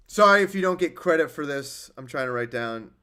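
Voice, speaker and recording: A man's voice: a little high, lively intonation, a little fast, sharp tone, clean tone. A young man hosting a casual livestream, rambling and sarcastic as he answers chat. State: injured hand. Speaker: livestream host.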